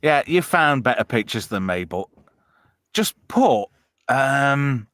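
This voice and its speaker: A man's voice: mid-range voice, sing-song, takes it slowly, fairly bright tone, no room sound. A man hosting a casual live-stream chat, crude and full of swearing and laughter. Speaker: host.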